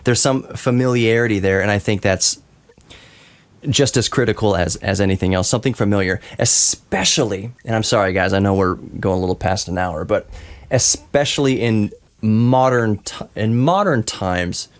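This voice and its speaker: Low-voiced man hosting a podcast roundtable. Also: normal speed. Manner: rambling, talks over himself, laughs often. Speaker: podcast host. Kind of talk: casual roundtable chat.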